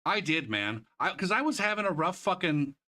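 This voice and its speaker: A man's voice: on the high side, very animated, normal speed. A young man streaming a kart racing game, ranting and swearing about a lost race. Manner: shouts in disbelief at the replay. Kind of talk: casual gaming stream commentary.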